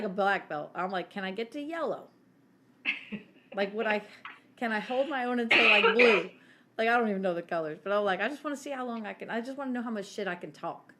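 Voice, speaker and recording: A woman's voice: medium pitch, heavy background noise. A woman in her forties telling stories in casual chat as a podcast co-host, brash, laughing and swearing freely.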